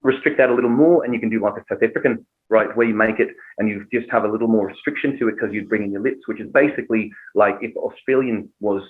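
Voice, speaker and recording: A man's voice: fairly low pitch, quick pace, hardly any pauses. A man, a comedian and impressionist, chatting casually on a podcast and breaking into voices while he explains. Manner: animated, demonstrating voices as he explains. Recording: tinny narrow-band sound.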